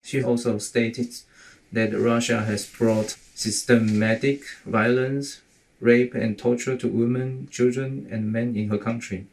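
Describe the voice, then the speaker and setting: A man's voice: medium pitch, steady tone, unhurried, a little mellow, poor audio. Man, team member, reading a news report: deferential, hesitant, plain voice.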